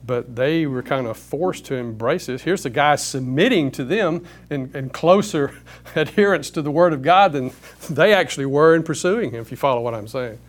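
A man's voice: a little high, normal speed. A man leading a Bible study, teaching emphatically with rhetorical questions.

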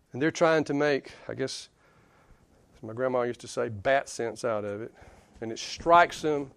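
Man preaching a sermon. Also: no echo. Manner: conversational, chuckling, rising for emphasis then dropping low.

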